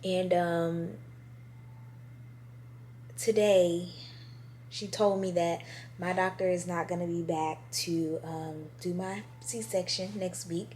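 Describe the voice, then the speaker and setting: A woman's voice: fairly low pitch, steady tone, takes it slowly, pauses often, darkish tone, a little hiss or hum. Chatty pregnant woman in her twenties. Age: 20s. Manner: chatty, talks straight to viewers. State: heavily pregnant. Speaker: vlogger. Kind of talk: casual chat to camera. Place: at home. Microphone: on-camera mic.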